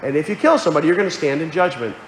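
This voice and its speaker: A man's voice: on the high side, lively intonation, rapid-fire, a little hiss or hum. A man preaching a sermon, earnest and explanatory, quoting scripture aloud. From Connecticut. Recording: echoey hall with faint ambience.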